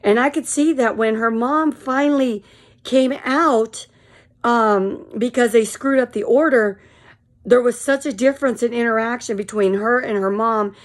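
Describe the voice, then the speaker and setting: Tired woman telling a story, fairly high. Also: unhurried. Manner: frank and rambling, full of fillers. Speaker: vlogger. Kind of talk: casual storytelling monologue.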